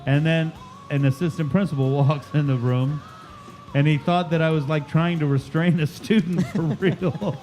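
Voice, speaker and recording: A man's voice: fairly high pitch, steady tone, moderate pace, darkish tone, soft background music. Laughing, profane man hosting a podcast. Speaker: podcast host, chef and teacher. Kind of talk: casual podcast chat.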